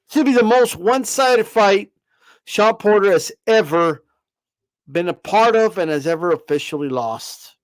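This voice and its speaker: A man's voice: sits high, moderate pace, dry recording. A man hosting a boxing livestream, ranting in a brash, profane, emphatic way and repeating himself for effect. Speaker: boxing channel host. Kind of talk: livestream rant.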